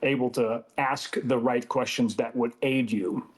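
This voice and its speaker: A man's voice: medium pitch, steady tone, measured pace. A Dutch man chatting casually on a stream, often repeating words as he searches for them. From Netherlands.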